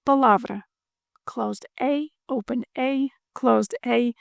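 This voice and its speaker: A woman teaching pronunciation in a playful scripted video lesson, her fairly high voice carrying a gravelly edge. She drills words slowly and repeats them, recorded close and dry. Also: a little mellow, dry recording. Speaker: language teacher.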